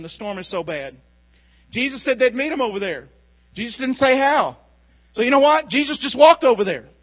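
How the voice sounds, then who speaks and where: A man preaching a sermon, telling the story in a folksy way and asking the crowd questions. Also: very high voice. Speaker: pastor. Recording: tinny phone-like sound.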